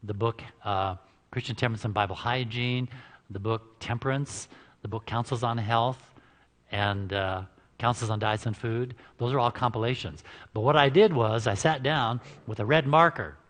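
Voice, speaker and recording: A man's voice: medium pitch, moderate pace, fairly bright tone. Chatty joking man in a reverberant hall. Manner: joking, chatty, laughs at his own lines. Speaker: health seminar presenter. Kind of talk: informal lecture at a church health seminar. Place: church hall before an audience.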